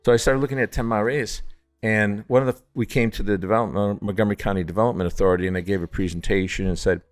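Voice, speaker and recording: A middle-aged man from upstate New York, telling stories as a distillery founder in a casual interview, acting out the voices of the people in them. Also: racing. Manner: animated storyteller, acts out quoted voices with big pitch jumps. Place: at his distillery.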